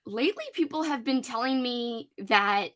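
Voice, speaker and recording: A woman's voice: on the high side, moderate pace, fairly bright tone. A young woman with a subdued Louisiana accent, chatting casually and laughing often, with lots of fillers. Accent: American, Louisiana. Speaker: host. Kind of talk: casual chat.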